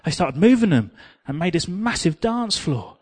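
This preacher, an Englishman, has a high, slightly breathy voice and a moderate pace. His sermon centers on a lively personal anecdote, peppered with self-deprecating jokes and sung snatches.

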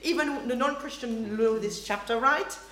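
Lively woman preaching in an echoey hall. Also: a little high, normal speed. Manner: lively, animated, acts out quoted reactions, laughs often. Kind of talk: sermon. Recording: roomy hall echo, faint ambience.

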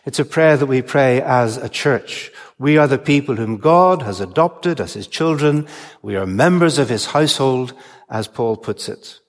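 A man's voice: mid-range voice, animated. Male preacher in a reverberant church. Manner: measured expository preaching with emphatic stresses. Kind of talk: sermon.

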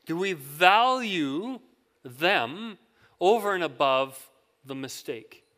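A pastor preaches a sermon, telling stories conversationally and asking the congregation questions. His slightly high voice is animated, sharp, and slow, with long hall reverb in the recording.

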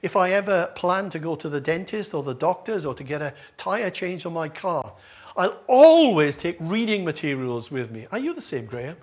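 A man's voice: a little high, very animated, normal speed. A male pastor preaching a sermon to his congregation, with a humorous, self-deprecating manner. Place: church with congregation. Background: congregation laughing.

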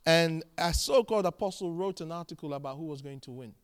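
A man preaching a sermon, emphatic and animated, telling stories and repeating key phrases. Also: on the high side, fast, smooth. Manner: animated storytelling, acting out dialogue.

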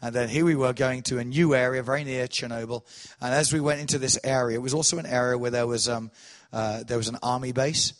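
Male preacher, sermon testimony, dramatic swings between loud and soft. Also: medium pitch, fast talker. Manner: animated storytelling, swells loud then drops soft.

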